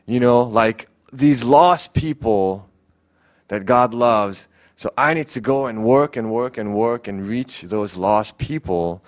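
A man's voice: medium pitch, slow. A young man preaching a casual, earnest sermon as a youth pastor, pleading, with many fillers and restarts.

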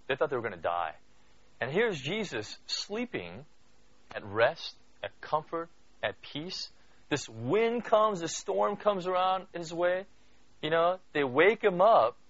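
A man's voice: fairly high pitch, a bit bright. A man giving a conversational Bible study sermon, asking listeners questions and filling his talk with "you know" and "right?". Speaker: Bible teacher. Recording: dull lo-fi dry recording.

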